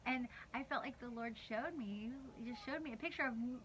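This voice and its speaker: A woman's voice: a little high, fairly quick, noisy background. A woman in her thirties leading a livestreamed church devotional, telling a personal story in a rambling, candid way and laughing often mid-sentence. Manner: rambling, conversational storytelling with many restarts. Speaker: worship leader sharing a devotional.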